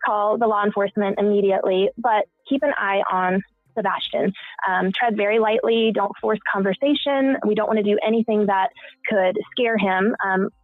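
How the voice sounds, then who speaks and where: A woman's voice: mid-range voice, fairly even intonation, normal speed, dry recording, soft background music. Woman analyst guest, earnest and caring, tinny phone-line sound. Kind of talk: expert commentary.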